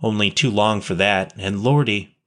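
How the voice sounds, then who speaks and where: A man reading a story, voicing a poor street boy who talks in rough slang with double negatives. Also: lowish voice, normal speed, fairly bright tone, close to an everyday voice. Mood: wistful, eager. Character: ragged, shy street boy, near twelve.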